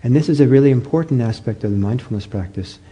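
A man giving a meditation talk, telling stories gently with many pauses, fillers and restarts. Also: medium pitch, slightly rough. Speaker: meditation teacher. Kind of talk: dharma talk.

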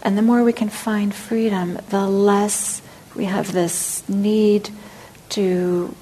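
A woman meditation teacher giving a dharma talk, speaking gently and reflectively, sometimes dropping to a soft near-whisper. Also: medium pitch, level tone, slow pace, a little hiss or hum, low-quality recording.

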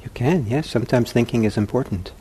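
A man teaching meditation who answers questions from the audience in a calm, gently humorous way and thinks aloud as he talks. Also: mid-range voice, brisk, husky.

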